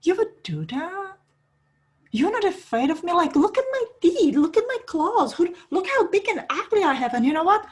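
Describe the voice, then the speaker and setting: A woman doing a frantic, squeaky big bad wolf. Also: big pitch swings, normal speed. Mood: astonished. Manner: frantic, high and loud. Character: panicked big bad male wolf, scruffy.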